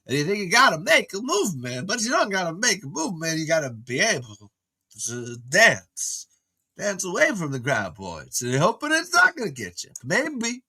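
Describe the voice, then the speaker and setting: A man doing a tipsy older man who drifts through his sentences with strange pauses and swooping rises. The voice rides well above his usual low register, with a bright, forceful edge. It sounds like a silly impression done on a casual livestream. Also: wildly swooping pitch, husky, heavily acted. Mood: loopy. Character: drunk rambling older man, halting odd cadence.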